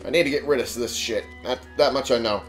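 A man's voice: medium pitch, fast, faint music behind. A man giving casual let's play commentary, sarcastic and swearing as he talks back to game characters. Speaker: gamer playing on a channel.

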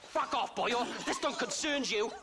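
A sneering sing-song Welsh outlaw. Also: male voice, extremely high pitch, lively intonation, unhurried, background noise. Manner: taunting, insulting. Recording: game audio with hoofbeats and ambience.

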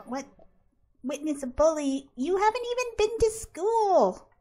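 A woman's voice: very high voice, sing-song, a little slow, dark tone, faint music behind. A woman giving casual gameplay commentary as host of her channel, chatty and laughing often as she talks to her game characters.

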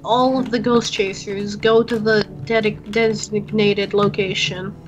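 A woman's voice: medium pitch, little pitch movement, a little slow, over music, lightly acted, rough recording. A woman voicing a young school janitor in a game role-play, stumbling and searching for words. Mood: flustered.

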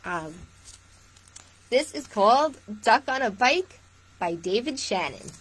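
A woman librarian reading a picture book aloud for children, asking gentle questions of her young listeners. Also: a little high, big pitch swings, slow pace, husky. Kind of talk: children's storytime read-aloud.

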